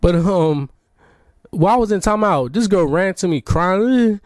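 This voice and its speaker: A man's voice: high voice, normal speed, no room sound, clean studio sound. A young man telling a true personal story in casual slang, rambling along with lots of fillers.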